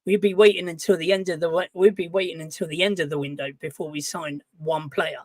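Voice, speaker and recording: A man chatting as a guest on a casual live stream, relaxed and agreeable, from his home studio. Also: on the high side, quick pace. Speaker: guest co-host.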